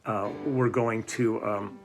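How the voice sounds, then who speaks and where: A man's voice: lowish voice, steady tone, takes it slowly, creaky, over music. An older man telling stories in a casual, rambling way, with many fillers and restarts. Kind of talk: casual storytelling.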